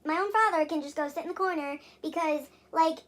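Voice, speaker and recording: High-voiced young woman venting frustration. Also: brisk, fairly bright tone, a little hiss or hum. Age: young adult. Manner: rambling and exasperated, with frequent swearing and fillers. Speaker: vlogger. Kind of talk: casual venting vlog.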